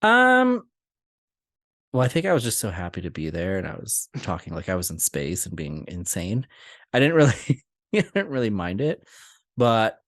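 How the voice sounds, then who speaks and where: Laughing low-voiced man chatting. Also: normal speed, dry recording, clean studio sound. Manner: laughing often, animated storytelling. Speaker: podcast co-host. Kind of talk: casual chat.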